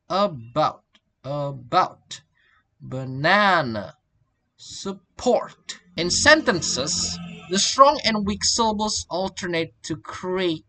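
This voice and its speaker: A young man presents a pronunciation lesson as a student. He reads at an unhurried, deliberate pace in a bright, forward tone. He often restarts and repeats words as he goes. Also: sits high. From Indonesia. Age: young adult. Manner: halting, restarts and repeats words while reading.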